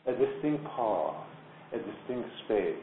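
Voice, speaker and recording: A man guides a meditation in a slightly low voice, unhurried and deliberate, with long pauses between repeated phrases. The recording is tinny and phone-like, with an echoey room and a faint hiss behind him. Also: animated. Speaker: meditation teacher.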